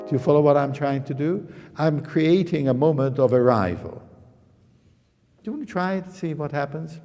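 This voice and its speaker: A man coaching a young pianist in a master class, explaining with emphasis and breaking into sung pa and da syllables to show the phrasing. His voice carries a long hall reverb. Loud piano sounds around him. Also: medium pitch, moderate pace, pauses often. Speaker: piano teacher. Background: piano playing.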